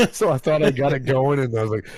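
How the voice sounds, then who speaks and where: A man's voice: medium pitch, a little fast, darkish tone. A man hosting a casual podcast chat, telling stories animatedly, acting out quotes, swearing and laughing. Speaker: podcast host.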